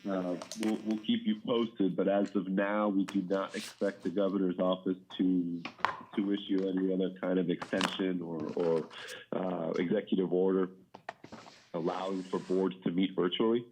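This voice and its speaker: A middle-aged man briefing a public board meeting as plan consultant, measured, with many fillers and restarts. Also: low voice, flat delivery, darkish tone, a little hiss or hum. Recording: dull municipal meeting audio.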